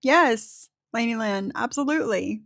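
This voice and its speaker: Wry higher-voiced woman reading chat. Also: unhurried, gravelly, fairly bright tone, no room sound, clean studio sound. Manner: wry, sarcastic, answering viewers by name. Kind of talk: casual livestream chat.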